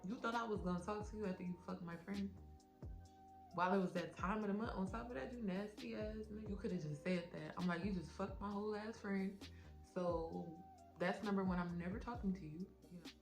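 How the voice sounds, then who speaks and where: A woman vlogger telling a storytime in a casual, animated, profane way, talking straight to her viewers. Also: mid-range voice, fairly quick, roomy sound, faint music behind.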